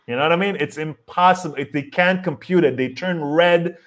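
Man, podcast host, teasing, laughing, somewhat high voice. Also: a little fast, a bit bright. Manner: joking, teasing, laughs while talking. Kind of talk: casual chat.

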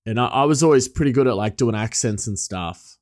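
A man's voice: medium pitch, animated, a little fast, a little mellow, no echo, studio quality. A man who works as a chef, telling a personal story in a casual, rambling way with lots of fillers. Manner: rambling, many fillers and restarts, laughs often.

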